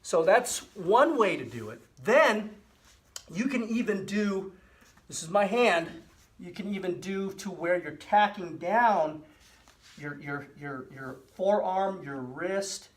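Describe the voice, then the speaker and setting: Man, middle-aged, fairly high voice, casual demo talk, loose and repetitive. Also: slow. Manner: relaxed, repetitive explanations with fillers. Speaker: physical therapy host. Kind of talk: casual instructional demonstration.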